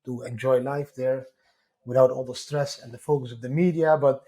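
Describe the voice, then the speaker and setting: A man with a Dutch accent, a guest in an interview, telling his story in an animated way with many quick restarts. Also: mid-range voice. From Netherlands.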